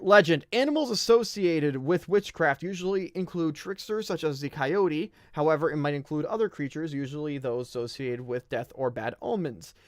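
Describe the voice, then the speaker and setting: A man's voice: fairly high pitch, no room sound, clean studio sound. A young man from the United States hosting a casual live-stream podcast, reading aloud, stumbling over words and joking in side remarks. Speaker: podcast host.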